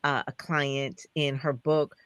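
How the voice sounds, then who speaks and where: A woman hosting a casual interview, telling stories animatedly with sudden high jumps in pitch. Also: level tone, slow, clear, resonant tone, dry recording. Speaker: host.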